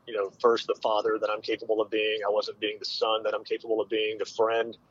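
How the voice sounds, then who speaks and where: A man in his forties, a military veteran, telling a hard personal story with candid, halting speech and many fillers. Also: on the low side, completely flat delivery, husky, no echo, lo-fi sound. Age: 40s.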